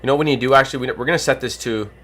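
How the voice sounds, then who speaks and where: A livestream host who is losing his voice, calling a giveaway race with animated, rapid play-by-play. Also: mid-range voice. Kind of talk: excited duck-race commentary on a livestream.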